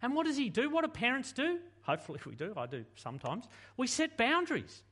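A man preaching a sermon in an animated, conversational way, full of rhetorical questions. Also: very high-pitched, fast talker. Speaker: pastor.

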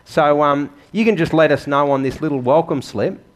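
A man's voice: on the high side, moderate pace. A man preaching a sermon in a church, earnest and conversational, asking the congregation questions. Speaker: pastor.

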